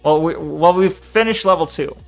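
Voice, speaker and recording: A man's voice: a little high, normal speed, faint music behind. A man streaming live, reading viewers' chat aloud and answering it in a loose, swearing, chuckling way.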